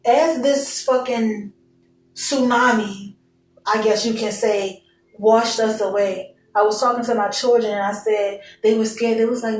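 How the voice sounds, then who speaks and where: A woman's voice: a little high, steady tone, measured pace, echoey room, recorded from a distance, a little hiss or hum, poor audio. A young woman giving a casual tarot reading to her viewers, candid and emotional, full of slang and swearing. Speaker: tarot reader.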